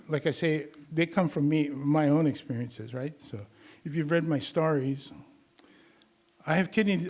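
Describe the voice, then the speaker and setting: A man's voice: on the high side, a little mellow. An older man from Hawaii giving a casual, teasing health talk to a live audience, laughing often and acting out other people's voices. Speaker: community health lecturer.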